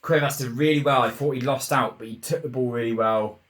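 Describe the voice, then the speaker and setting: A man commentating live on his own football management game, swinging between muttered frustration and loud shouts at goals. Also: medium pitch, brisk, noisy background. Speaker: gaming YouTuber.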